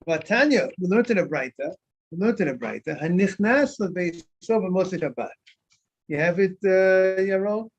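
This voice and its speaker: A man's voice: sits high, lively intonation, moderate pace. A man, a rabbi, teaching an informal Talmud class, often repeating words and asking his students questions that he then answers himself. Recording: dull lo-fi recording.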